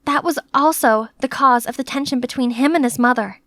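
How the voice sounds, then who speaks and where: A young woman tells an animated story in the first person with a lively, chatty delivery. Her voice is very high and bright, recorded close and dry with no room sound. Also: brisk, no room sound. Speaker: narrator.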